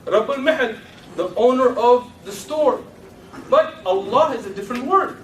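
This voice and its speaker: Guy lecturing a room, firing off questions and ribbing the crowd, really high voice, echoey hall, faint hiss. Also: lively intonation, normal speed, distant mic. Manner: rhetorical questions, teases the audience. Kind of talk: lecture to an audience.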